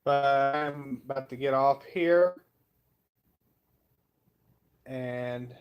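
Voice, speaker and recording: A man chats on his own live stream in a relaxed, folksy ramble. He takes his time over every phrase, in an average-pitched voice. His talk stays loose and conversational, as if thinking aloud. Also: takes it slowly, clear, resonant tone, highs cut off. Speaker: livestream host. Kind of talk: casual live-stream chat.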